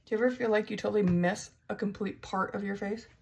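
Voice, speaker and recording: A woman's voice: mid-range voice, fairly even intonation, fast, vocal fry. A woman beauty vlogger chatting casually through a makeup tutorial, self-mocking and stumbling over words now and then.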